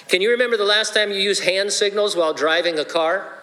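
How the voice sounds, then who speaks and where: A man's voice: sits high, quick pace, hardly any pauses, bright, forceful tone. A man, a pastor, preaching a sermon with playful, joking asides. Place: church sanctuary. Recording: long hall reverb.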